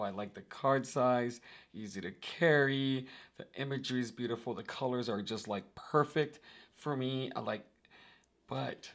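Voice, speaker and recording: A man's voice: mid-range voice, vocal fry. A man hosting his own tarot vlog, chatting animatedly to viewers, laughing often and calling them "guys". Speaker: tarot video host. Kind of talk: casual vlog talk to viewers.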